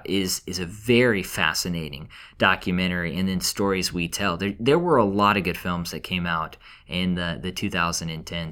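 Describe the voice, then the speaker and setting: A man's voice: on the low side, pushed and bright. A man co-hosting a film podcast, chatty and upbeat, reading listener plugs. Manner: upbeat, chatty, quick to laugh. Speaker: podcast co-host. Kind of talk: casual film discussion.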